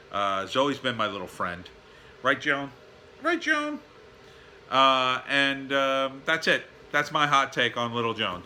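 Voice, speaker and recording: A man's voice: medium pitch, bright, forceful tone, a little hiss or hum. A man in a casual vlog, telling a rambling story full of fillers and weary asides. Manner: rambling, with many fillers and tired sighing asides. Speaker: vlogger. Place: at home, backyard and indoors.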